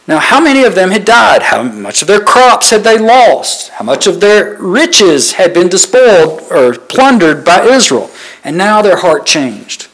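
A man's voice: high voice, very animated, normal speed, a bit bright, rough recording. A man preaching a sermon, reading scripture verses and asking the listeners questions, stressing his points with short repeated phrases. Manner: asks the listeners rhetorical questions; emphatic repetition of short phrases.

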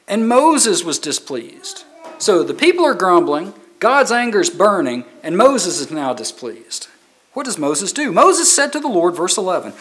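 A man's voice: high-pitched, fairly bright tone. A man preaching a sermon as pastor, reading scripture aloud and driving points home with repetition.

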